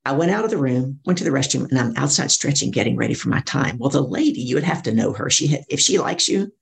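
Gravelly middle-aged woman telling a story. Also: extremely low pitch, quick pace. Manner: acts out others' lines in lively voices. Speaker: professional speaker and coach. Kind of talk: animated storytelling in an interview.

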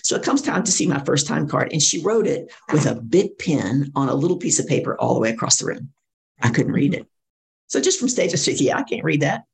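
Speaking briskly with noticeable vocal fry, this middle-aged woman, a coach and professional speaker, shares her personal story in an interview. Her voice sits low, and she brings others' lines to life with spirited voices.

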